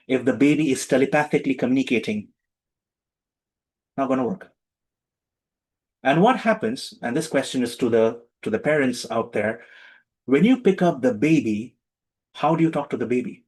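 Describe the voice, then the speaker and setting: A man giving a lively, humorous spiritual talk to a live and online audience, acting out little voices for his jokes. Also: medium pitch, normal speed, pauses often, slightly rough, poor audio. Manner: playful, animated, acts out little voices for jokes.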